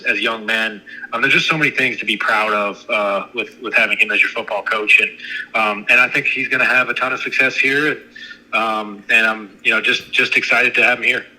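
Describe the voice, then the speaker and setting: A man, a university director of athletics, answering radio interview questions in an earnest, halting way. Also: on the low side, bright, forceful tone, rough recording. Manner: earnest, halting, repeats himself.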